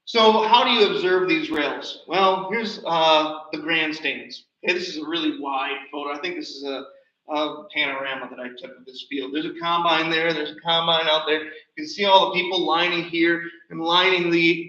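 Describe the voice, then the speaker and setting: A man giving a chatty, animated slide show talk about a birding trip. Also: on the high side, moderate pace. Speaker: presenter. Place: nature center hall. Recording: roomy, distant, dull livestream audio.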